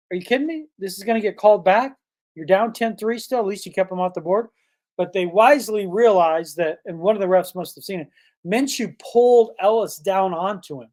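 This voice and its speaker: A man's voice: high voice, darkish tone. A man hosting a sports podcast, talking in a casual, emphatic way and firing off rhetorical questions. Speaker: podcast host.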